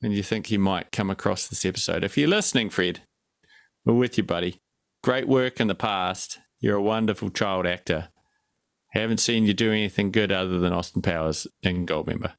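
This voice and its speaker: Gravelly low-voiced man, rambling and jokey. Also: normal speed, no echo, studio quality. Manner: rambling, jokey, self-interrupting. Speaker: podcast co-host. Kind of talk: casual film review chat.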